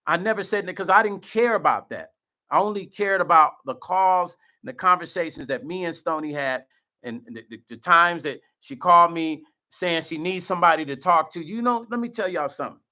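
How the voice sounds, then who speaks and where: Man, middle-aged, vlog host, earnest, emotional, close to tears, bright forceful voice. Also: a little high. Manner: earnest, repeats himself, addresses viewers as y'all. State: choked up, near tears. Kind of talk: emotional direct-to-camera talk.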